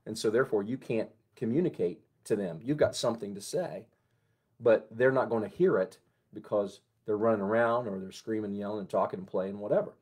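A man who is a pastor, giving a conversational morning devotion and prayer in a gentle, unhurried way. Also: on the low side, slightly rough.

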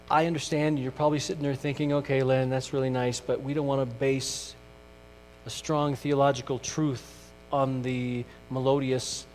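A middle-aged male pastor preaching a sermon, earnest, moving from loud emphasis to hushed questions. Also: medium pitch. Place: church sanctuary. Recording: distant mic in a reverberant church with mains hum.

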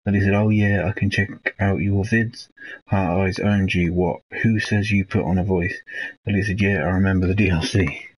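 A man's voice: sits low, steady tone, moderate pace, slightly rough, low-quality recording. A man, casually commenting while playing a video game live, rambling and swearing and often trailing off mid-thought.

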